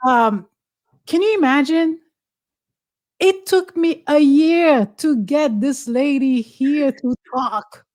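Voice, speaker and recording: A woman's voice: sits high, slow pace, a little mellow. A woman host, chatting in an exuberant, teasing, exclamatory way. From Haiti. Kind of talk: casual talk-show chat.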